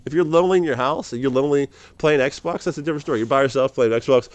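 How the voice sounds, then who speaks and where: A man's voice: medium pitch, fast talker, few pauses. A man rambling casually to camera as a vlogger, laughing often and calling the listener dude and man.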